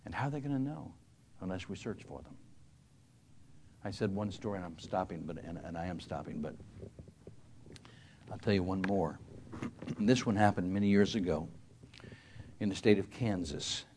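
A man's voice: low voice, lively intonation, normal speed, pauses often, darkish tone, slight background noise. An older man, a retired pastor, telling a story in a sermon, earnest and emphatic with frequent restarts.

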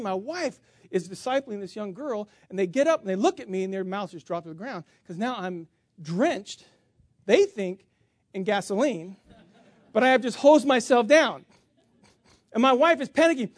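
Animated self-mocking preacher man. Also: high voice, quick pace, no echo. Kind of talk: sermon storytelling.

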